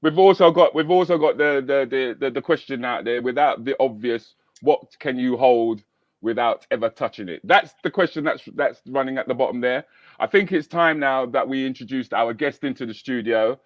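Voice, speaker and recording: A man's voice: mid-range voice, moderate pace, dry recording, lo-fi sound. A man hosting a casual online chat show, easygoing, often restarting and repeating himself.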